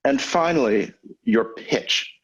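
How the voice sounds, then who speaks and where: A man coaching lawyers on public speaking in a webinar over a video call, teaching in a measured, conversational way with deliberate pauses. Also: mid-range voice, lively intonation, a bit bright, slightly rough, poor audio. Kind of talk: webinar lecture. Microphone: video call microphone.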